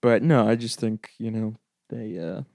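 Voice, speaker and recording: A man, a guest on a comedy podcast, musing haltingly and repeating his words as he thinks aloud. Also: on the low side, creaky, a little mellow, no echo, studio quality. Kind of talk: casual comedy chat.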